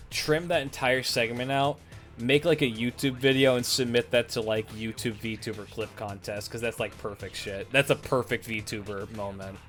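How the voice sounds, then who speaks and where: A man's voice: medium pitch, fairly bright tone. A man telling a story on a live stream, swearing, laughing and restarting his sentences. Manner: profane, laughing, rambling with restarts.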